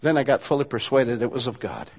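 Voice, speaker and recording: A man preaching a sermon as pastor, dropping to quiet asides and rising to loud, emphatic passages. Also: medium pitch, fairly quick, big-room sound, dull audio.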